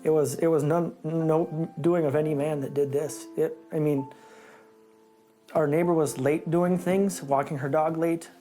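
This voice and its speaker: A neighbor speaking haltingly and emotionally in a news interview. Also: medium pitch, steady tone, dark tone, soft background music.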